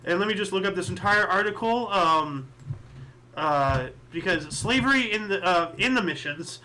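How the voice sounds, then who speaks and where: A man's voice: sits high, lively intonation, moderate pace, sharp tone, a little hiss or hum. A man hosting a casual history podcast, reading dates and events and rambling into chatty asides with lots of fillers. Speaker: podcast host.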